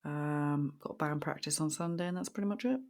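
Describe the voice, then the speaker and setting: A young British woman co-hosting a casual podcast chat, easygoing and quick to giggle. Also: low voice, a little mellow. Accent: British English. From Britain. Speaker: podcast co-host.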